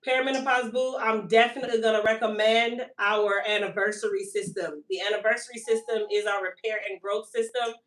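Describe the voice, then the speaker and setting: A woman, hosting a live stream for her hair care business and telling a long-winded, animated story about her toddler. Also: fairly high pitch, fairly quick, hardly any pauses, distant mic. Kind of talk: casual live-stream sales chat. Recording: echoey room, voice a bit off-mic.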